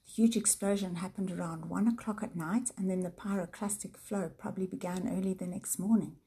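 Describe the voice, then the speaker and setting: A woman voicing an excited, knowledgeable boy explaining facts in a hushed, husky voice. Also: on the low side, a little fast.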